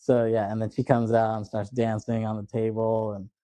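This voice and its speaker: Podcast guy rambling through a movie recap, mellow dark voice, dry sound, swears a lot. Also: lowish voice, little pitch movement, normal speed, no room sound. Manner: rambling retelling, full of fillers and swearing. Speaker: podcast host. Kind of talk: casual movie recap chat.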